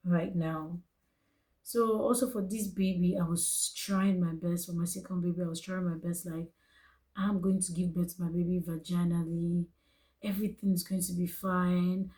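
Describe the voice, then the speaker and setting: Earnest Nigerian woman, mellow voice. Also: lowish voice, rough recording. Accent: Nigerian English. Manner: earnest, emotional, repeats phrases for emphasis. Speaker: vlogger. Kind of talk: personal storytelling to camera.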